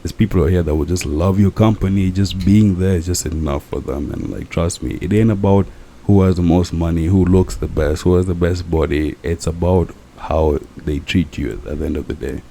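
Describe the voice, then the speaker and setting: A man's voice: deep voice, normal speed, creaky, mellow, slight background noise. A young man rambling earnestly in casual chat, a bit drunk and repeating himself. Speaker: podcast co-host. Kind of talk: casual late-night chat.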